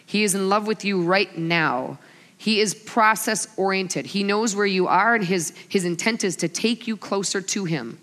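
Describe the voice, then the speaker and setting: A woman in her forties preaching a sermon to a live gathering, an animated storyteller who acts out her family's lines. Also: mid-range voice, normal speed. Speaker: women's ministry speaker. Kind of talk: sermon with humorous stories. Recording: long hall reverb.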